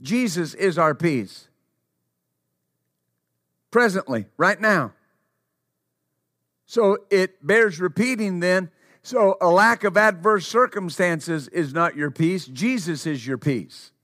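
High-voiced, slow, emphatic male preacher. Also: a bit bright, no echo, clean studio sound. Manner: emphatic, repeats phrases for stress. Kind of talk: sermon.

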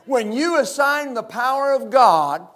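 A middle-aged pastor from West Texas, preaching a fervent sermon full of amens and hallelujahs. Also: male voice, extremely high pitch, animated, measured pace, fairly bright tone.

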